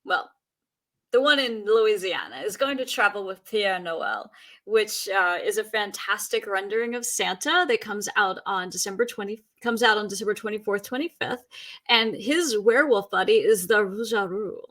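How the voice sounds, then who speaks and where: A woman with a bright, forceful voice chats on a podcast, spinning folk legends in a loose, rambling way. She fills her sentences with ums and uhs while she tells the stories. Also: medium pitch, normal speed. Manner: storytelling folklore, chatty with fillers. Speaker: podcast guest. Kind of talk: casual chat.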